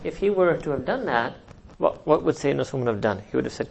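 A man's voice: medium pitch, very animated, fast talker, gravelly, a little mellow, dull audio, slight background noise. A man preaching a sermon and telling a story, asking the audience rhetorical questions, chuckling often and acting out quoted dialogue. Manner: chuckles often while speaking. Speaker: Islamic teacher.

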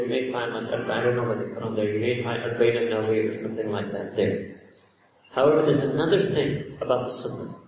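A man giving a storytelling sermon, animated, with rhetorical questions to his listeners. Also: mid-range voice. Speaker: religious teacher. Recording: echoey hall, distant mic, background noise.

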